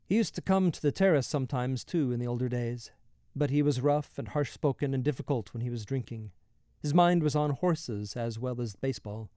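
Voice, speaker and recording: A man reading the part of a humble, steady old fisherman in a calm, plain way. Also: mid-range voice, fairly quick, no echo, studio quality, natural voice. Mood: gentle. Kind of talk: audiobook reading.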